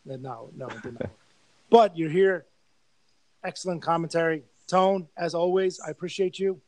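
A man's voice: on the high side, moderate pace, no room sound, low-quality recording. A man hosting a casual sports podcast, swearing freely and telling stories with animation. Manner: profane, animated storytelling. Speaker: podcast host.

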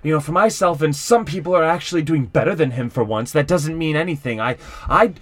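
A man's voice: on the high side, big pitch swings, fast, fairly bright tone. A man voicing a solemn, touchy older half-elf undertaker in a tabletop game. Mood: irritated. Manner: defensive, rising to irritated.

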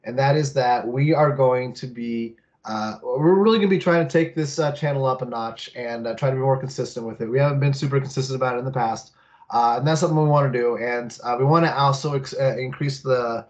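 Male podcast host, middle pitch, rambling casual chat, slightly dull lo-fi mic. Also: brisk. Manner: rambling, with many fillers and laughs.

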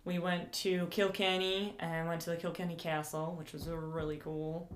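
A woman's voice: on the low side, flat delivery, moderate pace, slight background noise. Giggly young woman in an echoey room. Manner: giggly, rambling, lots of filler words. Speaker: podcast guest. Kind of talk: casual chat.

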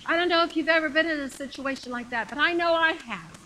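A woman's voice: high-pitched, quick pace, bright, forceful tone, a little hiss or hum, poor audio. A middle-aged woman preaching a sermon in a conversational, emphatic way, repeating phrases to build up her point, with a congregation answering her.

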